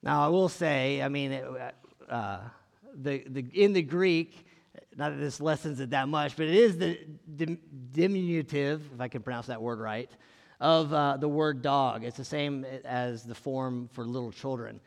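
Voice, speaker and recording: Gravelly man preaching in a big hall. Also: mid-range voice, measured pace. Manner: casual, asks the listeners questions. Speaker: pastor. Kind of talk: conversational sermon with Bible reading.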